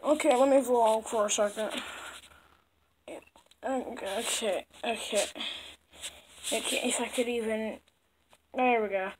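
Woman doing all the voices in a homemade comedy skit, kinda high, slow, playful, stammers a lot. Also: background noise. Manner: playful, stammering, repeats words. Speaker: amateur movie maker voicing all characters.

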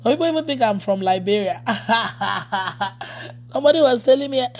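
A woman's voice: fairly high pitch, expressive, normal speed, darkish tone. Chatty woman pastor talking to followers. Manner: chatty, laughs often, reads out viewer comments. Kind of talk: casual livestream chat with followers.

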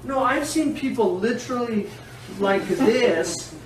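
A man with a high-pitched voice teaches a class in an informal, animated way, wandering off on tangents and laughing as he goes. He is recorded from a distance in a reverberant room, with a faint hiss behind him. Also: takes it slowly. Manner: animated, digressive, laughs often. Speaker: teacher of Islamic law.

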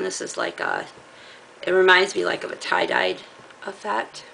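Gravelly-voiced woman chatting through a haul. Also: lowish voice, sing-song, normal speed, background noise. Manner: chatty, rambling, laughs often. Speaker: crafting channel host. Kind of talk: casual haul show-and-tell.

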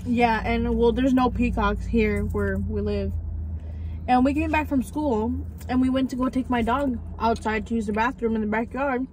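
A woman's voice: on the high side, fairly even intonation, normal speed, a little mellow, slight background noise, rough recording. Chatty teen girl eating on camera. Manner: chatty, slangy, talks with mouth full. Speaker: vlog host. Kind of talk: casual mukbang chat.

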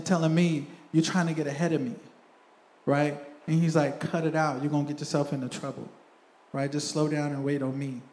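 A man's voice: fairly high pitch, mellow, reverberant. A young man, a church elder, tells a personal story in a sermon, chatty, and keeps asking "right?". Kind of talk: sermon testimony. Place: church sanctuary.

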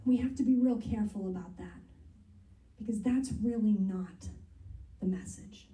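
A woman's voice: medium pitch, normal speed, mellow. A woman pastor preaching in a church, earnest and conversational as she reads and explains scripture. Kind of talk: sermon. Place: church sanctuary. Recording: roomy sound from a distance.

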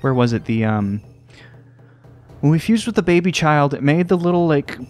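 A man hosting a let's play, rambling and joking at himself, often jumping into a high sing-song voice. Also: expressive, moderate pace, faint music behind. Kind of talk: casual gameplay commentary. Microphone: desk microphone.

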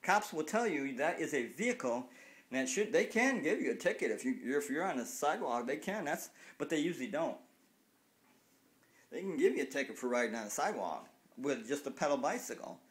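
In a brisk, sing-song voice on the high side with a fairly bright tone, a man in his late fifties rants at his phone camera. He's a cyclist vlogger, angry, repetitive and freely profane in this casual clip.

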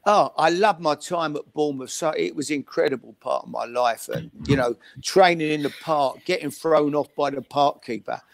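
A retired football manager, now an older man, recounts football stories as a guest on a call-in show, doing voices of others and chuckling along. Heard over a video call with no echo, his fairly high, creaky voice moves at a moderate pace with few pauses.

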